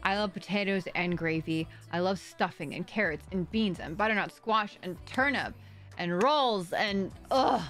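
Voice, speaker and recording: A woman's voice: fairly low pitch, moderate pace, hardly any pauses, a bit bright, soft background music. A woman livestream host chatting casually with viewers, bubbly and rambling as she reads chat aloud.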